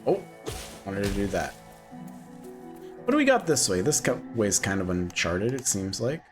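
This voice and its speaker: A man's voice: fairly low pitch, big pitch swings, moderate pace, over music. A man streaming a video game, chatting casually with playful, reactive commentary.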